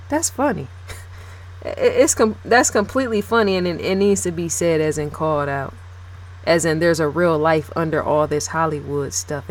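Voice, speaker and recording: Woman, lowish voice, blunt to-camera commentary, emphatic, repetitive, swears. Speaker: video blogger. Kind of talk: casual opinionated commentary to camera.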